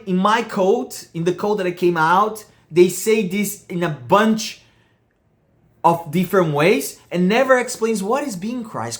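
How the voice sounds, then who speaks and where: A man giving earnest relationship advice, often checking whether the listener follows him. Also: high voice. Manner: earnest, keeps asking "you get what I mean?". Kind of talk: casual monologue to camera.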